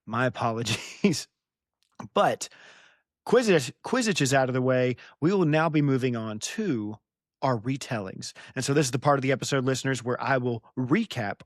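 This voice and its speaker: A young American man with a dry, close sound hosts a casual book podcast. He rambles and pokes fun at himself, laughing often as he recaps chapters. His voice sits at an ordinary middle pitch. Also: no room sound. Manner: rambling, self-deprecating, quick to laugh. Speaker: podcast host.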